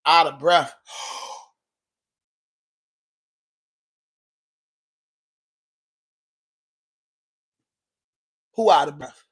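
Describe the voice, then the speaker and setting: A man's voice: fairly high pitch, drawn-out words, pauses often, a bit bright, slightly rough. A man with a Baltimore accent hosting a casual livestream podcast, talking loosely in slang while answering viewer comments. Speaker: podcast host.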